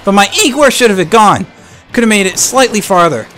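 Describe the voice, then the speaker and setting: A young man giving live gameplay commentary, excitable and swinging between hype and frustrated ranting. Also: sits high, moderate pace, soft background music. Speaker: gaming channel host.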